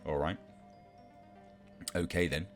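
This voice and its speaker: A deep-voiced man delivers a sarcastic, exasperated rant as a commentator, mocking and scoffing as he goes. Faint music sits quietly behind his voice. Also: steady tone, slow. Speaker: YouTube film commentator. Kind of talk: ranting commentary.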